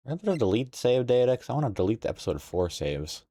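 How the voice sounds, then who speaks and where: A young man streaming a game, chatting casually, sleepy and yawning yet playful and quick to exclaim. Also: on the low side, no room sound. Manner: playful, animated, exclaims and laughs often. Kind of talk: casual live-stream chat while playing a game.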